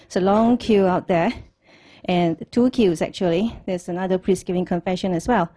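A woman's voice: on the low side, normal speed, mellow. A woman telling a joke to a group in simple phrasing, chuckling as she goes.

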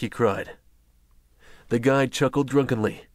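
Man, audiobook narration, measured, mid-pitched, dry close mic. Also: no room sound. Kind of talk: scripted narration.

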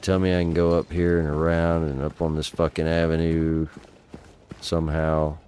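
A man's voice: extremely low pitch, flat delivery, normal speed, a little mellow, a little hiss or hum. A middle-aged man giving exasperated, profane live commentary while playing a game, talking to himself at a desk mic. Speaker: gaming channel host.

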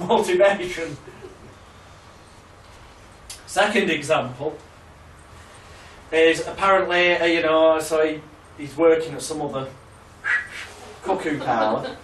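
Male trainer, casual and sweary, slightly high voice, recorded from a distance in an echoey room. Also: a bit bright, a little hiss or hum. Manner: swears freely, laughs at own stories, loose and chatty. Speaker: hypnotherapy trainer. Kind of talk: casual storytelling lecture.

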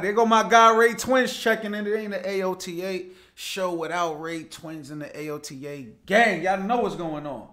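A man's voice: high-pitched, normal speed, few pauses, sharp tone. A young man hosting a casual live show, chatting loosely, greeting viewers by name and laughing easily as he reads their comments. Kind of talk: casual livestream chat reading viewer comments.

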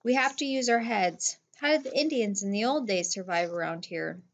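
A woman's voice: medium pitch, moderate pace, natural voice. A woman voicing an anxious but loyal teenage boy who talks in a nervous, pleading way. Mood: urging.

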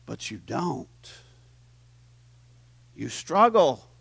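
A man preaching a sermon as pastor in a church, animated and teasing his congregation, swinging from hushed to loud. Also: mid-range voice, extremely slow, creaky, husky, dry recording. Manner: playful, teases the audience.

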